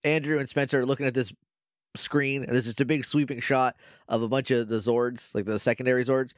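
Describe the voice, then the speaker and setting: A man co-hosting a podcast, casually recapping a TV episode with quick voices and frequent laughs. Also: medium pitch, no room sound, clean studio sound. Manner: animated, quotes characters in quick put-on voices, laughs often. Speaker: podcast co-host.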